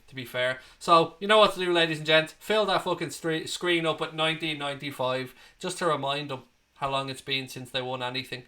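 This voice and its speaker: Bright-voiced man bantering with chat. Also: fairly high pitch, fairly even intonation, a little fast. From Ireland. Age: 30s. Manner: banter, swearing, joking with viewers. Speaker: fan channel host reading live chat. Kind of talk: casual livestream chat.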